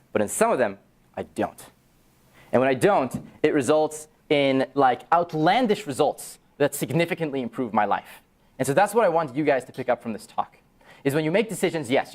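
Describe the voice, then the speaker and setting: A young man giving a talk to an audience, telling a story with laughter and acting out the dialogue. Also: medium pitch.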